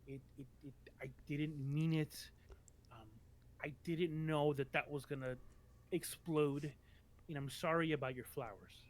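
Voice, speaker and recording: A man's voice: a little high, steady tone, measured pace, close to an everyday voice. A man playing an embarrassed, frightened man who stammers through pleading apologies.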